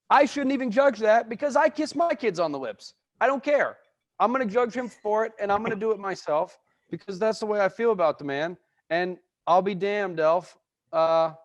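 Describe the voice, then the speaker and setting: A man's voice: high-pitched, dry recording, lo-fi sound. A man co-hosting a podcast, giving emphatic, opinionated sports takes in casual chat. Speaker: podcast co-host.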